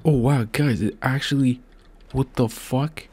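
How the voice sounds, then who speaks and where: A man's voice: mid-range voice, fairly even intonation, unhurried, warm tone, husky, soft background music. A man giving rambling, casual gameplay commentary, full of slang and swearing. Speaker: gaming video creator.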